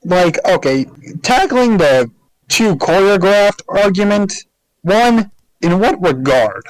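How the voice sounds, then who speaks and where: A man's voice: sits high, big pitch swings, slow, low-quality recording. A man on a casual podcast, making his point emphatically and sarcastically, swearing freely.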